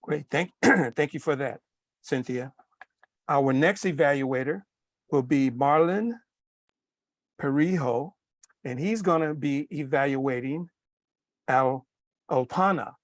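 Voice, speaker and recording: A man on a video call chairing a club meeting, introducing speakers in a brisk, upbeat way. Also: fairly high pitch, no room sound.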